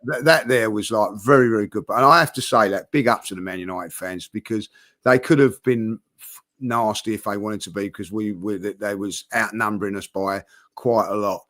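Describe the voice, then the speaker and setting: A man's voice: fairly low pitch, normal speed, a bit bright, no echo, clean studio sound. A man chatting on a football panel, rambling with lots of fillers and restarts. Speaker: football fan pundit. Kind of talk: casual panel chat.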